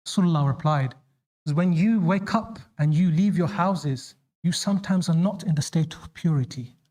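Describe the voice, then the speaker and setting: A man's voice: normal speed, darkish tone. A man giving a sermon, telling religious stories dramatically and acting out the lines he quotes. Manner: dramatic, voices quoted lines with rising pitch. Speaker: preacher. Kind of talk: sermon storytelling.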